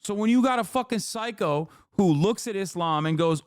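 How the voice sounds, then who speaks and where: A male streamer rants with mounting heat, swearing through nearly every sentence. His voice sits fairly high for a man. The mic is close and dry, with no room sound. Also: measured pace, hardly any pauses, no room sound. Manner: profane, heated, ranting. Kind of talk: casual reaction rant.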